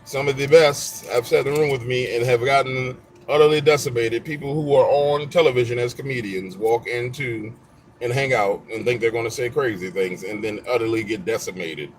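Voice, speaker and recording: A man chatting casually to his stream in loose slang, trash-talking and telling stories. His voice sits at a middling pitch. A faint hum runs behind him. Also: fairly even intonation, brisk. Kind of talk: casual live-stream chat.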